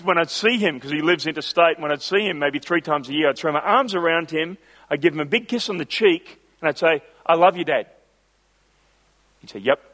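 A man's voice: high-pitched, a bit bright. A middle-aged man, preaching a sermon in a storytelling way that builds to emphatic passages. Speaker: pastor.

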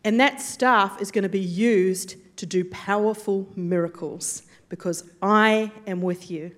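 A woman giving voice to God in a sermon, speaking slowly and with emphasis to reassure. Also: medium pitch, lightly acted. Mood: reassuring. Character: calm reassuring divine male voice.

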